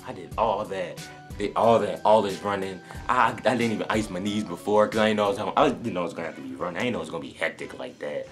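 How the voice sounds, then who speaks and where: A young man tells a long story to camera in a low, deep voice. He rambles, restarting sentences and leaning on fillers as he goes. Faint music plays behind him. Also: fast. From North Carolina. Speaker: sneaker vlogger.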